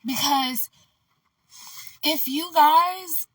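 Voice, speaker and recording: A woman's voice: high-pitched, very slow, a bit bright, no room sound, recorded from a distance, rough recording. A woman vlogger telling a casual story in a loose, candid ramble, full of "like" and "you know".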